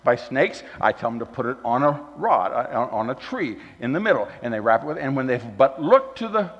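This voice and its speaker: A man voicing God as a stern, fatherly deity scolding Moses in a folksy, low-key way. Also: very animated, a little fast, fairly bright tone, in a large hall, dull audio.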